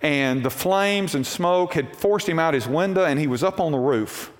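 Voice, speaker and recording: A man's voice: a little high, expressive, normal speed. A man with a drawl preaches in a folksy, storytelling way, his slightly raised voice ringing with a long church-hall reverb. He slips into the voices of the people in his stories as he goes. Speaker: pastor. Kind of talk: sermon. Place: church sanctuary.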